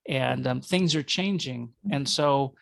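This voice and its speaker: Minnesota-accented man guest, gravelly, loose and jokey, dry recording. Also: mid-range voice, slow pace, no echo. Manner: rambling, self-correcting, joking. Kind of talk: conversational interview.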